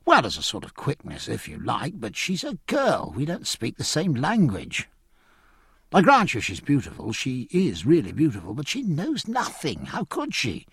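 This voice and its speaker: A man's voice: medium pitch, slightly rough, dry recording, clean studio sound, full character voice. A man reading an audiobook, voicing a spirited, outspoken young woman who is scornful and impassioned. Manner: scornful, impassioned, sharp-tongued. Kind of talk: audiobook character voice.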